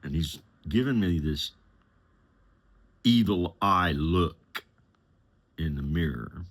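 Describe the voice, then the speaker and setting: Deep husky male storyteller, slow and plain-spoken, former driver recounting his past. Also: expressive. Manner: plain-spoken, unhurried, conversational. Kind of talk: personal testimony storytelling.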